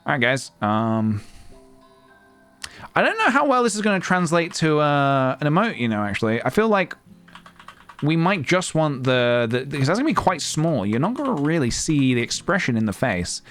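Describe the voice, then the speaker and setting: Playful man streaming, lively pitch. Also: moderate pace, faint music behind. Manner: playful, rambling, talking to himself while working. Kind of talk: casual live-stream chat.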